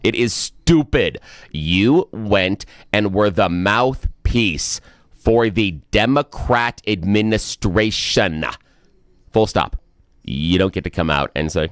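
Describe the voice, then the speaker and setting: Low-voiced man ranting on talk radio. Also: expressive, takes it slowly, dry recording, studio quality. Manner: emphatic, indignant ranting. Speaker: radio talk show co-host.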